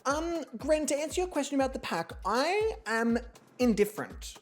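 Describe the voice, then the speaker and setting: Chatty woman streamer, lively pitch. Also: normal speed. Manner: chatty, thinking aloud. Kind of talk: casual live-stream chat. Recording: faint music underneath.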